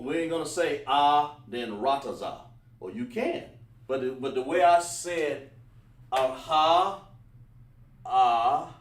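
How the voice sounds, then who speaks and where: Guy teaching a class online, stops and restarts a lot, sounds far off in a roomy space. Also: mid-range voice. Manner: talks while writing on a board, many fillers and restarts. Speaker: Hebrew teacher. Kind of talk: livestream class. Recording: roomy echo, mic at a distance.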